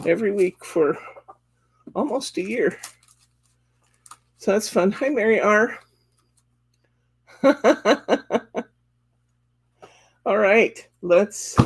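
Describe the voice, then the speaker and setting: A man's voice: high voice, husky. A man hosting a live craft demonstration in a chatty way, laughing often and greeting viewers by name. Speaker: craft class host. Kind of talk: live craft demo chat.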